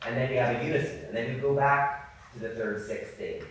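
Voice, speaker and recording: A man's voice: medium pitch, brisk. Man coaching in an echoey hall. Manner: apologetic, animated, demonstrating by singing. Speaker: viola masterclass teacher. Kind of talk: coaching a live masterclass. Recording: echoey hall, distant mic, faint noise.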